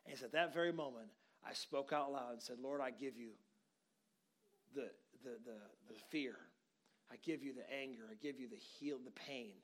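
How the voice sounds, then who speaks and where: A man's voice: mid-range voice, normal speed. A man preaching a sermon, telling a story conversationally and building to emphatic encouragement. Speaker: pastor.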